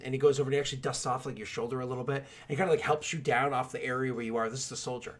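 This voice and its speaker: Animated man running a tabletop game. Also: medium pitch, racing, hardly any pauses. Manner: animated storytelling, loose filler words. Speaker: game master.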